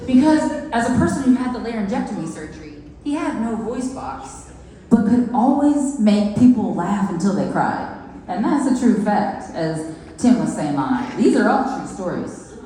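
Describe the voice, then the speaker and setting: A woman in her thirties tells chatty stand-up stories and talks straight to the crowd. Her voice sits at an ordinary middle pitch. It carries through a very echoey club with a long reverb tail. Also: big pitch swings, normal speed, mellow. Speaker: stand-up comedian. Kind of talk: stand-up comedy storytelling. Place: comedy club stage.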